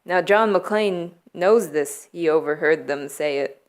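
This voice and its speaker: Young woman vlogger, slow deadpan comic recap, lower-pitched voice, laughs a lot. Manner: playful, deadpan, laughs often. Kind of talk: comedic movie recap from memory.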